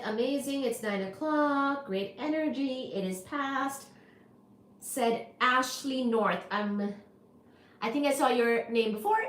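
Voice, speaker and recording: A lively woman hosts a casual livestream, chatting with viewers and reading their comments. Her voice sits high and bright, bouncing playfully between greetings. The room around her rings with a noticeable echo. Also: slight background noise. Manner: animated, playful, greets viewers in rapid repeated bursts. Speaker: livestream host.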